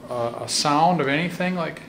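A man investigating a haunted hospital at night, talking in a hushed voice, often whispering, and calling out to spirits in a cold dark basement. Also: fairly high pitch, normal speed, gravelly, noisy background. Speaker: paranormal investigator. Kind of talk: ghost hunting vlog commentary.

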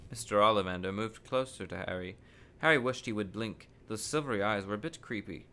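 A man hosting a podcast, reading a children's novel aloud from a living room in steady, unhurried storytelling with small stumbles. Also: lowish voice, gravelly.

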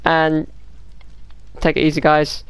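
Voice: mid-range voice, monotone, slow pace, clean tone, no echo. A gaming YouTuber, giving casual gameplay commentary, muttering to themself, swearing and throwing out mock-dramatic taunts.

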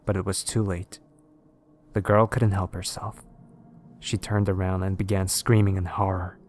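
Deep-voiced man narrating horror stories. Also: a little hiss or hum. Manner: steady, measured storytelling.

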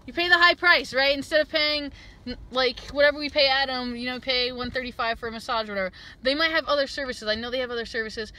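A woman vlogger in casual chat, animated and laughing often. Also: sits high, fast, low-quality recording.

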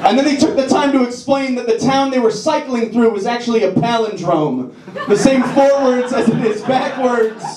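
A man performing a wry, self-deprecating stand-up set on a comedy club stage. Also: very high-pitched. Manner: wry, self-deprecating, does quick voices for jokes. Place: comedy club stage before a live audience. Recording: echoey club with crowd laughter.

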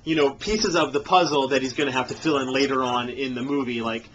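A man's voice: medium pitch, steady tone, a little fast, fairly bright tone, slight background noise, low-quality recording. A man co-hosting a casual movie podcast, talking hesitantly with lots of fillers. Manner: hesitant, lots of "like" and "you know". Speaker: podcast co-host.

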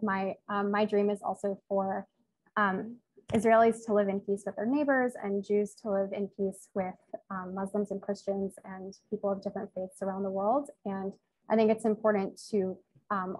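A woman speaking on a discussion panel, measured and hesitant with fillers. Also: medium pitch, dry recording, poor audio.

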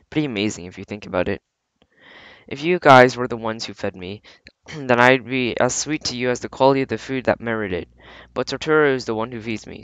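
A man reading a storybook aloud with halting restarts and frequent throat clearing. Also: medium pitch, a bit bright, no echo, low-quality recording. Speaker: audiobook reader. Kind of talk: amateur audiobook narration.

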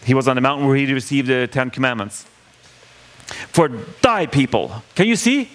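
A man's voice: mid-range voice, very animated, moderate pace. A man preaching a sermon in a conversational way, asking the congregation questions and acting out the lines he quotes.

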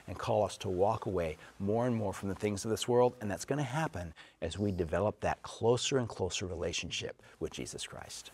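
A pastor with a fairly low voice teaches a Bible lesson. He speaks earnestly and with emphasis, and he repeats key phrases to drive them home. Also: lively intonation, brisk, darkish tone, breathy edge. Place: church.

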